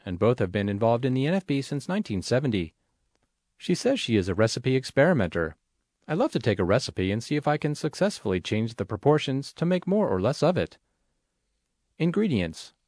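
Expressive male magazine reader, dry sound. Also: medium pitch, dry recording. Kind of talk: scripted read-aloud narration.

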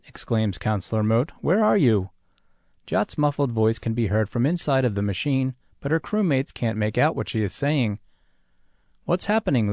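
A man narrates in a lively, animated voice that rises and falls freely. The recording is dry and close, with no room sound around him. He slows right down to spell out web addresses letter by letter. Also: medium pitch, dry recording. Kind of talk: scripted narration.

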